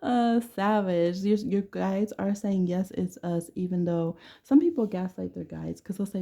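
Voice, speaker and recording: Gravelly blunt woman reading tarot. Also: fairly low pitch, normal speed, hardly any pauses, warm tone. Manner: blunt, playful, laughs often. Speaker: tarot reader. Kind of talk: casual tarot reading to camera.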